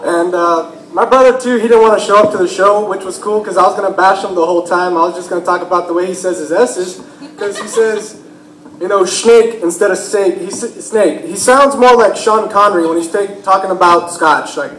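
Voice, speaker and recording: A man's voice: high voice, a little fast, a bit bright, a little hiss or hum. A young man with a Texan accent doing a stand-up set at a comedy bar, chuckling through his own jokes. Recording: echoey club room.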